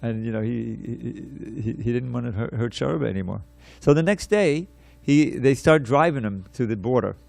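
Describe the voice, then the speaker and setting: A man giving a scripture class, telling a story in an animated way, repeating words and restarting his sentences. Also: medium pitch, normal speed, gravelly, hardly any pauses, dry recording.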